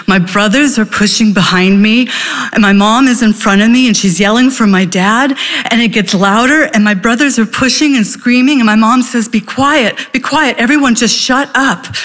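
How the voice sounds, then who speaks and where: A woman telling a personal story live, animated, with dramatic pacing and vivid pauses. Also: medium pitch.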